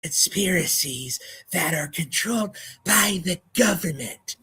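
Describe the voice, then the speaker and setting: A man doing a mocking impression of a conspiracy talker with a very slow, dragging delivery in a raised voice. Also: sits high, lively intonation, bright, forceful tone, slight background noise, voice pushed up, full character voice. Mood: droning. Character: conspiracy-talk man, droning and odd.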